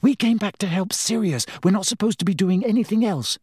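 A man reading aloud voices an anxious, insistent teenage girl wizard in a high, urgent voice. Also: fairly quick, dark tone, slightly rough, no room sound, studio quality.

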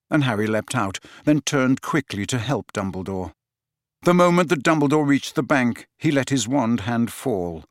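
A man's voice: mid-range voice, no room sound, studio quality. A man narrating a fantasy audiobook with a dramatic, varied reading.

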